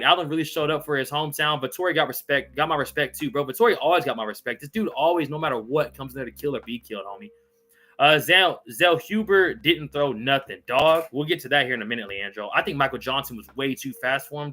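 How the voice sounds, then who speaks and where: Casting note: young male stream host, bright and forceful tone, swears constantly, fired-up rants, faint music underneath. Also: fairly high pitch. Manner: profane ranting, then repeated apologies; calls viewers bro, brother, homie. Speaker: host of a live fight recap stream. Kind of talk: live stream chat reading viewer comments.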